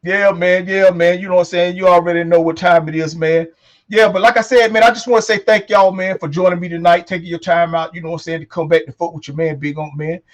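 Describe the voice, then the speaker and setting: Male talk host, casual and profane, rapid talker, sits a bit high in his range, leans on filler phrases. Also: steady tone. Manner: loose, profane, repeats "man" and "you know what I'm saying". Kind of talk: casual talk show chat.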